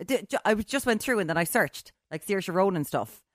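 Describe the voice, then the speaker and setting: A woman co-hosting a podcast in casual chat, animated and mocking as she acts out quotes. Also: mid-range voice, fairly quick, dry recording, clean studio sound. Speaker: podcast co-host.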